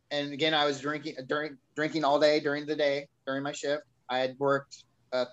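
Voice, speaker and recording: A man's voice: a little high, highs cut off. A man, a guest on an interview show candidly telling his recovery story and acting out his own past words.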